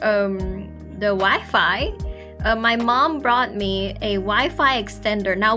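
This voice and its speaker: Slow-talking young woman streamer, rambling. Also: on the high side, a bit bright. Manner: rambling, self-conscious, laughs often. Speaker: artist streamer. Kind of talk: casual streaming chat while drawing.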